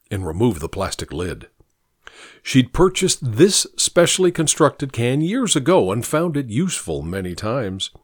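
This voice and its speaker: A man's voice: medium pitch, dry recording, studio quality. A man narrating a story as an audiobook reader, lightly voicing the characters in the dialogue. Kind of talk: scripted narration.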